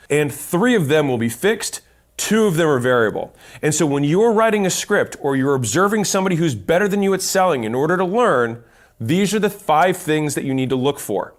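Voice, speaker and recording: A man giving a fast-paced, punchy talk to camera, teaching how to sell. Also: fairly high pitch. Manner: fast-talking, punchy and emphatic. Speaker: sales educator.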